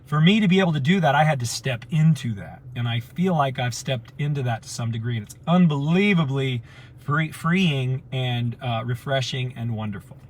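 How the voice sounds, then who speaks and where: Husky man telling stories casually. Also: medium pitch, normal speed. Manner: animated storyteller, acts out quoted voices. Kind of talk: casual storytelling talk.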